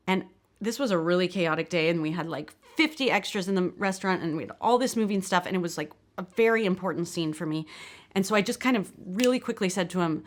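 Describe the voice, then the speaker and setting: American woman, filmmaker lecture, candid, self-deprecating, lowish voice. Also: fairly quick. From United States. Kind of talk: lecture, reading from her screenplay.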